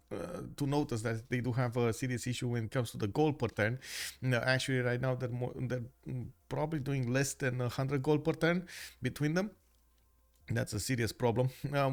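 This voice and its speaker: A man's voice: mid-range voice, a little mellow. Man casting a strategy game, hesitant. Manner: hesitant, frequent filler sounds. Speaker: game commentator. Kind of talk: live strategy game commentary.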